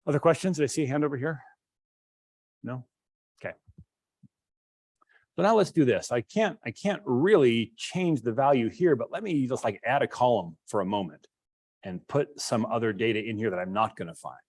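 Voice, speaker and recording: A man's voice: medium pitch, animated, moderate pace, long pauses, darkish tone, no room sound. Man lecturing on code in a dry room. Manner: explains while demonstrating code, thinking aloud with restarts. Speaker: instructor. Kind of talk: classroom lecture.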